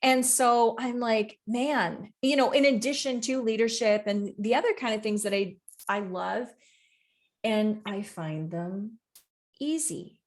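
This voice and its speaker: A woman's voice: a little high, unhurried. A woman co-hosting a podcast and coaching, chatting casually and candidly, swearing freely as she tells stories with animation.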